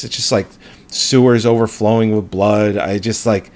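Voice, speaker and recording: A man's voice: lowish voice, fairly even intonation, moderate pace, a little mellow. A man co-hosting a podcast in casual movie chat, rambling through gory jokes and laughing at his own riffs. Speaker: podcast co-host.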